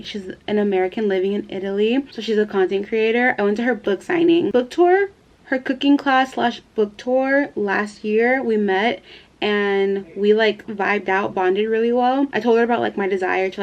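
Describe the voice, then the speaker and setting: A woman's voice: mid-range voice, lo-fi sound. Chatty giggly young woman vlogging. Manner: chatty and giggly, full of "like" fillers. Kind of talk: casual chat to camera.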